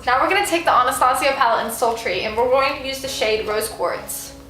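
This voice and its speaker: A young woman talks through a casual makeup tutorial at home, chatty and giggly. Her voice is high and bright. The room is echoey, with light music underneath. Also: fairly quick. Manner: chatty, giggly, jokey asides. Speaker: makeup vlogger.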